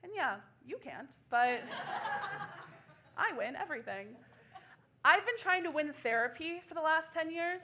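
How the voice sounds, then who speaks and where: A woman in her twenties performing a solo comedy show on a small theater stage, laughing through quick self-deprecating asides. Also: sits high, animated, noisy background. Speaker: stand-up comedian.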